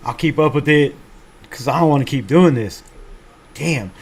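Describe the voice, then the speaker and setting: A man's voice: on the high side, moderate pace, breathy edge. A man hosting a fan livestream, chatting casually and reading out viewer comments in a laid-back, swearing, self-mocking way. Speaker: fan channel livestream host.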